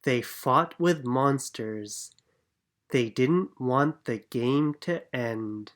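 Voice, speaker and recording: A calm storybook reader narrating a children's picture book. Every word is spoken very slowly and clearly, at an unhurried bedtime pace. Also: mid-range voice.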